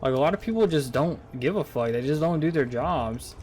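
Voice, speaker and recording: A man's voice: fairly high pitch, animated, a little fast, a little mellow, a little hiss or hum. A young man telling a casual, rambling story straight to his viewers, full of swearing and incredulous outbursts. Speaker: vlogger.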